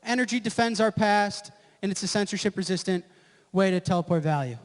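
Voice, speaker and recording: A man's voice: sits high, fairly quick. A man giving a live presentation at an event, brash and profane, who keeps checking with the audience. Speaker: conference presenter. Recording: echoey hall with long reverb.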